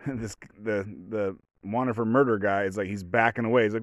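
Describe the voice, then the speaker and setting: Rambling low-voiced man. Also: fairly quick, dry recording, clean studio sound. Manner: rambling, self-interrupting storyteller. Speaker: podcast host. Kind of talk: solo casual podcast monologue.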